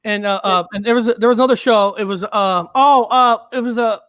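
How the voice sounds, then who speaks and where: A woman co-hosting a podcast, talking hesitantly with many pauses and restarts in casual chat. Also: on the high side, fairly even intonation, dry recording, studio quality. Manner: hesitant, many fillers and restarts, self-conscious.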